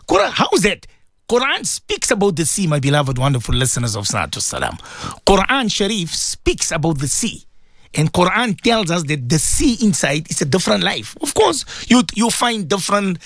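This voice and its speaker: A man's voice: on the high side, gravelly, dry recording, studio quality. A man hosting a religious radio talk show, rambling and repeating words as he chats with a co-host.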